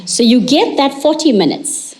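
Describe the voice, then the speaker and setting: A woman's voice: sits high, moderate pace. A woman, an educational psychologist, telling a story to an audience and acting out the dialogue. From South Africa. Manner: animated, acts out quoted dialogue.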